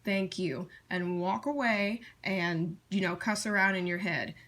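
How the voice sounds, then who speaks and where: A woman teaching tarot in a casual, blunt, chatty way, often restarting her sentences and slipping into quick acted-out scenes. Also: mid-range voice, fairly bright tone. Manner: blunt, chatty, acts out scenarios in quick asides; frequent fillers and restarts.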